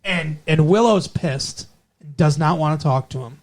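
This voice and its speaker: A man's voice: fairly high pitch, unhurried, a little mellow. A man co-hosting a podcast, recapping an episode in a rambling, casual way with many fillers. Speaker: podcast co-host.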